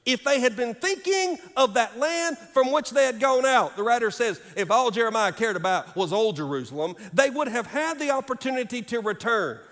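A man preaching a sermon as pastor, swinging from loud raised calls to hushed low asides. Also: expressive, moderate pace, hardly any pauses. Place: church sanctuary. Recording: long reverb in a large hall with faint music.

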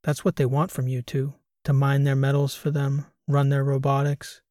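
A man voicing an aging, grieving father who talks in a gruff, plain-spoken way, in an audiobook reading. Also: medium pitch, monotone, normal speed, warm tone, no echo, clean studio sound, lightly acted. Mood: grim.

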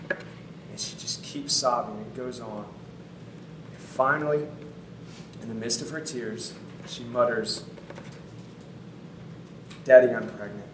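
Pastor, male, 30s, casual earnest sermon storyteller, mid-pitched, echoey room, off-mic with faint noise. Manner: conversational, casual fillers, earnest. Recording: roomy sound from a distant mic.

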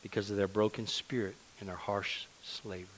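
A man's voice: lowish voice, flat delivery, fairly quick, rough recording. A man preaching a sermon in a conversational, earnest manner, often repeating words for emphasis.

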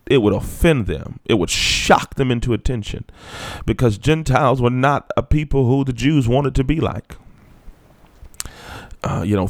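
A man preaching a sermon who reads scripture aloud, explains it in plain words, and slows down and drops low to stress a point. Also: vocal fry, dry recording, studio quality.

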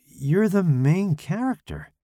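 A man's voice: high-pitched, expressive, takes it slowly, mellow, dry recording, studio quality, pitched above the performer's own voice. A man voicing a harried, pained horror writer.

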